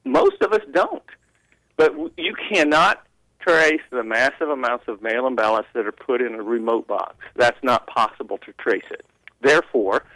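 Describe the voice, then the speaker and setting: A man's voice: on the high side, fairly bright tone, no echo, rough recording. A man, a regular guest on a talk radio show, giving opinionated commentary with mocking asides. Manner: opinionated, mocking quoted voices, rambling restarts.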